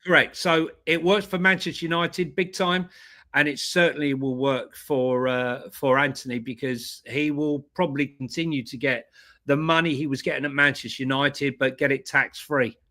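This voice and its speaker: Bright-voiced man co-hosting a football show. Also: mid-range voice, steady tone, normal speed. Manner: chatty, laughs easily, hedges with fillers. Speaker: co-host. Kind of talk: casual football chat.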